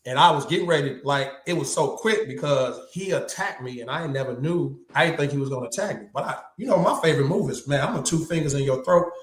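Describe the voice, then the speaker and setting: A man who is a guest tells animated stories in casual, slangy talk, mimicking the people he quotes. His voice sits at an ordinary middle pitch. The sound has a roomy echo around it. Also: fast talker, few pauses. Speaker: guest, martial artist. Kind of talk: casual storytelling chat.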